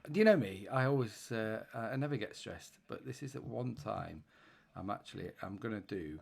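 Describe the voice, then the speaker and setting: A man's voice: lowish voice, animated, fairly quick, creaky, slightly rough. A man co-hosting a podcast in casual chat, talking in a flustered, self-deprecating, chatty way. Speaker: podcast co-host.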